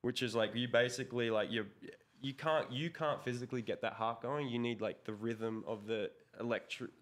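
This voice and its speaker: With a steady, mid-range voice at a moderate pace, a young Australian man tells a story as a guest in a relaxed interview. The pro BMX rider rambles, swears a lot, and packs his speech with fillers.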